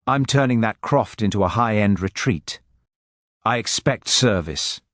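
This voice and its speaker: A man's voice: fairly low pitch, lively intonation, a little slow, a bit bright, dry recording, clean studio sound. A man voicing a pompous, wealthy Englishman with a clipped, nasal London accent who barks demands. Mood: demanding. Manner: barking, demanding, disdainful. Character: pompous rich Englishman, angry newcomer.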